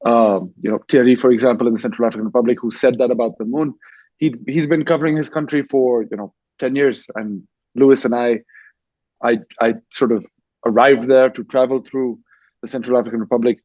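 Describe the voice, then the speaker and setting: A man's voice: medium pitch, fairly even intonation, fairly quick, darkish tone, dry recording, lo-fi sound. A man who grew up in Dubai, an author and war correspondent, telling his story on a festival panel with frequent restarts. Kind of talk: panel discussion.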